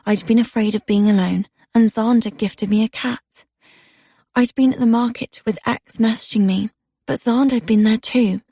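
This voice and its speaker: Female first-person romance narrator, breathy, fairly high voice, intimate storytelling. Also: steady tone, normal speed, mellow, no room sound, studio quality. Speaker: audiobook narrator.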